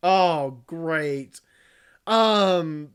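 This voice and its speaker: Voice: medium pitch, very slow, clean tone. A VTuber reading a visual novel aloud, breaking off for joking, crude, teasing asides and frequent laughs.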